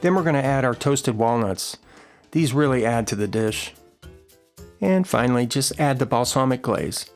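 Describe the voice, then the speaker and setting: A middle-aged man hosting a podcast, casually walking through a recipe and telling a story in a relaxed, folksy way with filler words. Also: mid-range voice, moderate pace, faint music behind. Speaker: podcast host.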